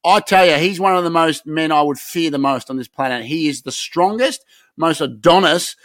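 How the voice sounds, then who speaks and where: Australian male co-host, slightly higher voice, rowdy sweary rants, dry sound. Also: moderate pace, fairly bright tone, no echo. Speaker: podcast co-host. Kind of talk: hyped casual chat.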